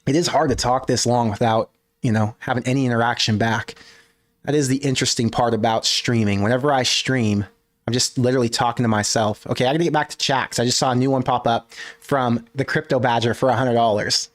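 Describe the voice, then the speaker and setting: A man hosting a solo sports livestream from his desk, ranting in an animated, casual way with some swearing. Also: mid-range voice, fairly quick. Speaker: sports podcast host. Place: home desk.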